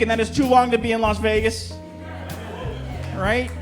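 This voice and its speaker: A man's voice: very high voice, flat delivery, moderate pace, long pauses, faint music behind. A man from Chicago performing a stand-up comedy set on a club stage, brash and punchy, working the crowd. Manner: crowd work, brash punchy delivery with swearing. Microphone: handheld stage mic.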